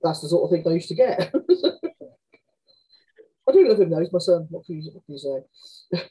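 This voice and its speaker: Frank woman with a dark husky voice. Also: fairly low pitch, animated, moderate pace, rough recording. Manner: frank, chatty, often acts out quoted dialogue. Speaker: author guest. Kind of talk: candid conversational anecdotes.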